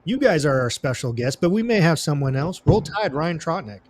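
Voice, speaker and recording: A man's voice: on the high side, lively intonation, moderate pace, a little mellow. A man hosting a casual sports podcast, talking in an easygoing way with lots of fillers and plugging the next episode. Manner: easygoing, many fillers, promotes upcoming show. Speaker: podcast host.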